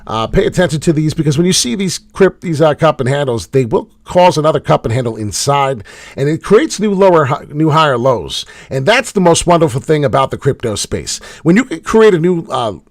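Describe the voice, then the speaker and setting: A man hosting a casual livestream, commenting on charts in a blunt, swearing way, with loud bursts of hype and low mutters. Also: big pitch swings, a little fast, dry recording, studio quality. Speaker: crypto chart host.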